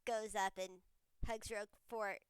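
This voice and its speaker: A woman player softly narrating her character's actions in a tabletop game. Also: medium pitch, level tone, unhurried, clean tone, dry recording.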